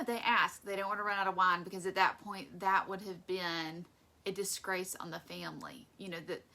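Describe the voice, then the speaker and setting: A young woman leads a casual Bible study and keeps it chatty and conversational. Her voice is bright with a gravelly, creaky edge. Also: mid-range voice.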